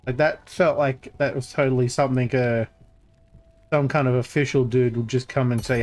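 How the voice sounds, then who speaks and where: A man's voice: medium pitch, fairly even intonation, moderate pace, a little mellow. Guy streamer joking around over gameplay, sarcastic asides, casual chatty voice.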